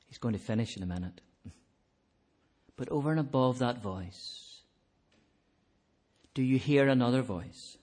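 Slow-spoken male preacher. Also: medium pitch, breathy edge. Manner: earnest, rising to emphatic peaks then dropping soft. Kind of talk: sermon.

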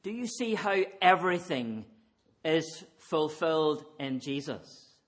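A man's voice: on the high side, expressive, slow. A man preaching an evening sermon, earnest and emphatic, pressing his listeners with repeated rhetorical questions.

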